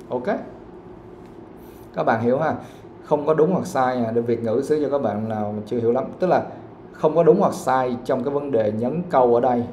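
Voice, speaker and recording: A man's voice: mid-range voice, mellow, slight background noise. Vietnamese-accented man teaching English. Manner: explains patiently, repeats himself, switches into Vietnamese to clarify. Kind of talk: live classroom lesson. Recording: echoey room.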